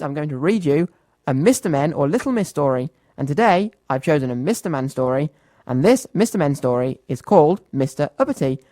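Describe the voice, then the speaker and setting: A man hosting a children's radio show, reading a storybook aloud in a gently animated way. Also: fairly high pitch, no room sound. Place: radio studio.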